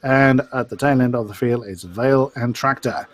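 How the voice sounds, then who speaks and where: A man's voice: medium pitch, normal speed, dry recording. A man giving live commentary on a sim race. He is chatty and self-deprecating and stumbles over driver names.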